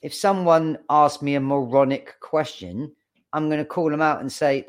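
A man's voice: on the high side, steady tone, normal speed. A man co-hosting a casual sports podcast, forthright and sweary, arguing his point. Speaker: podcast co-host.

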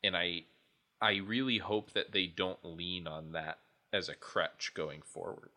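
Male podcast co-host, deep but bright tone, loose rambling delivery. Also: fairly even intonation, measured pace. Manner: rambling, restarts thoughts often. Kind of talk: casual chat.

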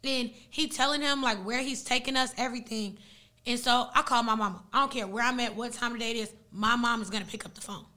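A young woman whose first language is Arabic tells a story casually and with energy, her speech full of slang. Her voice sits fairly high and sounds bright and sharp. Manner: animated, slangy, fast retelling.

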